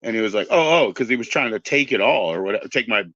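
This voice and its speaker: A man in his forties with a bright, forceful voice talks in a loose, meandering way, cursing casually as he drifts between tangents. The sound is dull and lo-fi, with a dry, close feel and no room around it. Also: on the low side, racing, dry recording. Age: 40s. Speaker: podcast host. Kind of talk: rambling casual chat.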